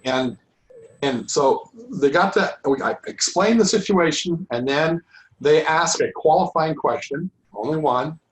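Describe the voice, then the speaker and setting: Hoarse man teaching an informal class. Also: on the high side, unhurried, poor audio. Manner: rambling, restarts sentences often. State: losing his voice. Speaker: holistic healing teacher. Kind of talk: informal online class talk.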